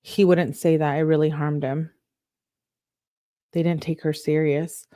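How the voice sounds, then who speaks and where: Female commentator, lower register, dry recording; reads texts plainly, exasperated asides. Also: unhurried, no room sound. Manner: reads both sides of the texts in a flat reading tone, breaks in with exasperated asides. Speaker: true crime commentator on a livestream. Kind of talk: reading out text messages with commentary.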